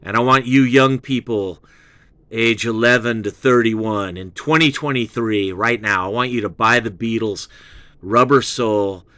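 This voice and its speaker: A man hosting a rambling album review show, excitable and profane, slipping into British slang. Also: fairly low pitch, unhurried, no echo. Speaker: host of a music commentary show.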